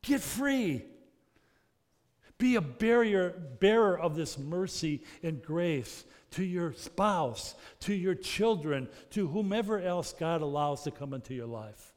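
A man preaching a sermon as pastor, earnest, moving between loud emphasis and soft, intimate passages. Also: a little high, lively intonation, measured pace, hardly any pauses. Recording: long reverb of a large hall.

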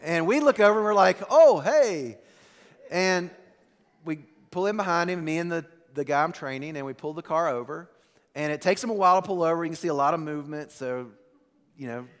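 A man preaching a sermon as pastor, telling a story with animated bursts that drop to a hushed, slow delivery. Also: fairly high pitch, clear, resonant tone, big-room sound.

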